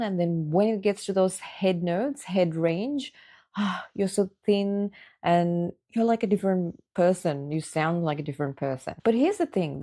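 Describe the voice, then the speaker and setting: A woman's voice: lowish voice, mellow. A woman vocal coach giving a guided singing lesson, encouraging the listener and talking them through exercises step by step.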